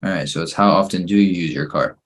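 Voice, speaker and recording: A man's voice: low voice, fast talker. A man teaching an English grammar lesson, patiently working through fill-in-the-blank exercises and praising each answer.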